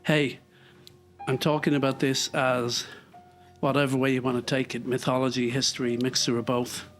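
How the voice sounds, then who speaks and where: Irish guy musing out loud on his treadmill, meandering and thoughtful, soft music under him. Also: medium pitch, little pitch movement, moderate pace. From Ireland. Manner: reflective, rambling, with many fillers. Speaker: podcaster walking a treadmill. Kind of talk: casual thinking-aloud monologue.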